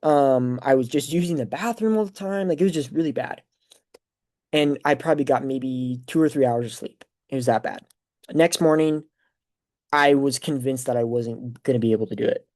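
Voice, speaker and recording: Young man with a mellow voice. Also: mid-range voice, normal speed. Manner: rambling, filler-heavy, animated retelling. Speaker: podcast host. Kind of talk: casual personal storytelling.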